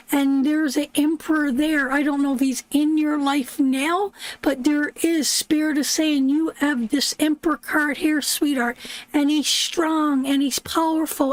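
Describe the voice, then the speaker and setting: A woman with a Canadian accent giving live tarot readings, slow and soothing, a little congested and sleep-deprived. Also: high voice, no room sound, low-quality recording. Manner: slow, soothing, calls viewers sweetheart.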